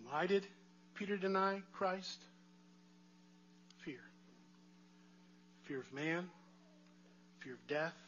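Bright-voiced man preaching a conversational sermon. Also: high-pitched, slow pace, long pauses, muffled recording, slight background noise. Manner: conversational preaching with rhetorical questions to the congregation. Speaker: pastor.

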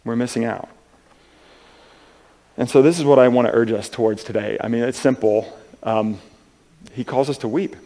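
A man preaching a sermon in an earnest, halting way, with many restarts, moving between soft and loud passages. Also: medium pitch. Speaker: pastor.

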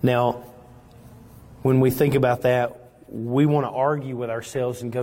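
A male pastor preaching a sermon, dramatic and swinging between loud emphasis and hushed moments. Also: mid-range voice, fairly even intonation, unhurried, long pauses. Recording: long reverb in a large hall.

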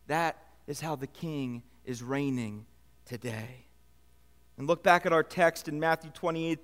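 A man preaching a sermon as pastor, pressing key words and letting phrase endings fall low. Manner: preaching with rising emphasis and trailing low endings. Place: church sanctuary. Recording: long reverb of a church hall.

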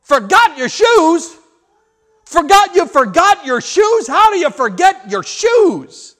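A man voicing a frazzled mother who scolds her child in a high voice and then turns sweet. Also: big pitch swings, slow pace, a bit bright, exaggerated voice. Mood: exasperated. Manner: shrill scolding, then suddenly sugary sweet.

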